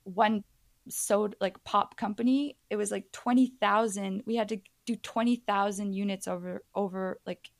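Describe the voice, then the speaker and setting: A woman from Ontario, a podcast guest telling stories casually, with frequent "like" and lively acted-out quotes. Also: mid-range voice, moderate pace, no echo, studio quality. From Ontario, Canada. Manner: chatty, heavy use of "like", acts out quoted voices. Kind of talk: casual storytelling.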